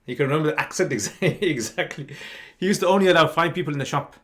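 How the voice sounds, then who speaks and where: A man's voice: fairly high pitch, fast talker, a bit bright. Laid-back man telling stories. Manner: laughing, anecdotal storytelling. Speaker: mufti and podcast host. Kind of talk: casual chat.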